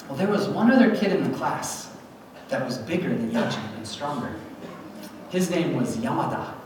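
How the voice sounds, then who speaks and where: A man giving a personal testimony at a church gathering, telling his story in an animated way and acting out voices. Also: mid-range voice, normal speed, heavy background noise. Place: church hall event. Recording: echoey hall recorded from far off.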